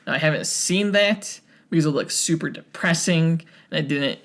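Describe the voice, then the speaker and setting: A man's voice: on the high side, moderate pace, a bit bright. A young man co-hosting a podcast, talking casually with many fillers and restarts. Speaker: podcast co-host.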